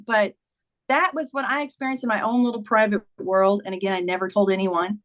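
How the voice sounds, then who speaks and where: A memoir author in her fifties, appearing as an interview guest, earnestly shares personal stories in a candid conversation and performs other people's lines. Her voice is medium in pitch and fairly quick.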